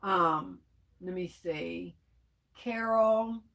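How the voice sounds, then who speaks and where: A woman's voice: fairly low pitch, very slow, a bit bright. A woman hosting a casual livestream, chatty and laughing often as she reads viewer comments aloud. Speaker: livestream host reading chat.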